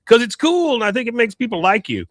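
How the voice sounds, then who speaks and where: A man putting on the voice of a blunt, excitable cartoon boy, squeaky and eager. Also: fast talker, no room sound, studio quality, full character voice.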